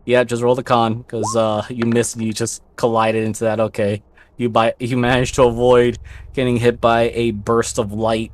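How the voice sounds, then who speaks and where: A man narrating as game master of a tabletop role-playing game, relaxed and at times slow and descriptive. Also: mid-range voice, a little hiss or hum.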